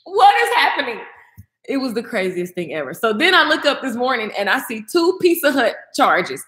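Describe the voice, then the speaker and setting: In a roomy-sounding space, a fast-talking young woman chats with her livestream viewers and answers their comments. Her manner is animated, and she swings high when something excites her.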